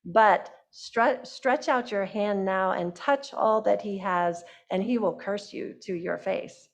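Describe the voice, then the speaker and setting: A woman's voice: medium pitch, slow. A woman voicing a sly, scoffing male adversary in a retold story, in a casual offhand way.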